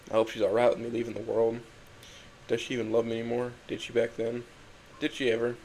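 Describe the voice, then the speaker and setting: A young man reading a first-person story aloud in a quiet, introspective, halting way. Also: medium pitch, little pitch movement, vocal fry, a little hiss or hum, rough recording. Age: young adult. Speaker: narrator.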